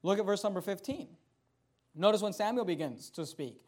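A man preaching a sermon, explaining a Bible passage with emphatic rises and drops in loudness and frequent rhetorical questions to the congregation. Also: high voice, lively intonation, normal speed.

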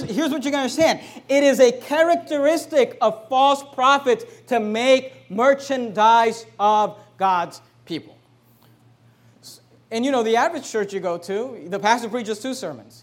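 A man preaching a fiery sermon as pastor in a church, emphatic, with sudden loud rises and quiet asides. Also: high-pitched. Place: church sanctuary.

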